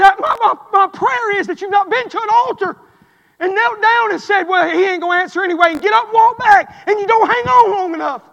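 A man, preaching a sermon as pastor, swinging from quiet murmurs to shouted fervor. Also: extremely high pitch, gravelly, dull audio. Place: church sanctuary. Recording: long echo of a church sanctuary.

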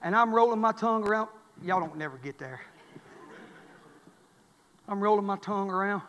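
A male pastor preaching a folksy sermon, swinging from quiet asides to loud exhortation. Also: sits high, normal speed, in a large hall, muffled recording. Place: church sanctuary.

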